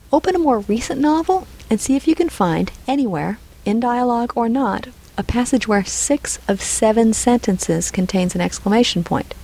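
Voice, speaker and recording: A woman's voice: a little high, darkish tone, poor audio. A woman narrating a scripted lesson on punctuation, reading example dialogue aloud and naming each punctuation mark. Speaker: writing instructor.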